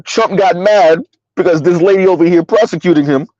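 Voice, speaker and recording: In a casual livestream, a fairly high-voiced man fires off rhetorical questions, keeps asking "Right?", and reads viewer chat as he goes. He talks a little fast with a darkish tone, his pitch jumping up whenever he sounds incredulous. The audio is dry, a little dull and lo-fi, with no echo.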